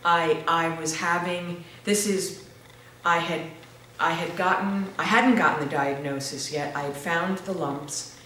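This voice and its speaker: A woman giving a halting, earnest personal testimony in a church interview, often restarting her words. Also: on the low side, steady tone, pushed and bright. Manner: slow and earnest, turning tearful when moved. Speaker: interview guest. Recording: very echoey room with faint noise.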